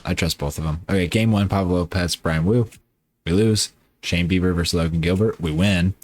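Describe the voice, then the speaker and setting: A man's voice: deep voice, a little fast. A man casually talking through his baseball video game season, rambling and correcting himself as he goes. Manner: rambling, self-correcting, offhand. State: tired. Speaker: gaming YouTuber.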